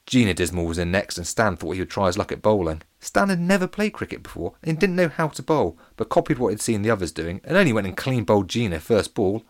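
A man narrating a children's story in a playful, animated and comic way. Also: lowish voice, a little fast, no echo, clean studio sound.

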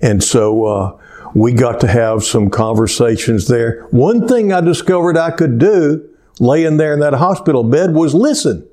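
An older man delivers a sermon at a very slow, measured pace. His voice sits at an ordinary middle pitch. He tells a personal story earnestly, pausing often and filling the gaps with "uh.". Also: mellow. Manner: slow, earnest storytelling with many pauses and "uh" fillers. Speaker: pastor.

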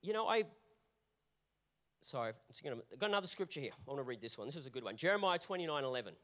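A male pastor delivering a sermon in an animated, repetitive preaching manner, often restarting his phrases. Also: medium pitch, very fast.

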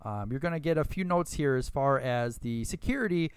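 A man's voice: mid-range voice, animated, brisk, clear, resonant tone, dry recording. A man co-hosting a podcast, chatting casually and wryly while recapping a match. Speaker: podcast co-host. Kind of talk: casual wrestling recap chat.

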